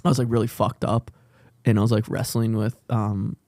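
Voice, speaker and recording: A man's voice: lowish voice, normal speed, no echo. A young man co-hosting a comedy podcast, telling stories in a loose, swearing, laughing manner. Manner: animated storytelling, swearing, laughing often. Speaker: podcast co-host. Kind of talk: casual chat.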